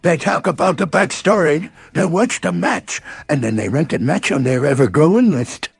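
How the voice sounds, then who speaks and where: A man voicing a bouncy robot announcer in a Tigger-like cartoon voice, raspy and hooting. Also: a little high, animated, normal speed, no echo, soft background music, full character voice. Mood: gleeful. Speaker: show announcer.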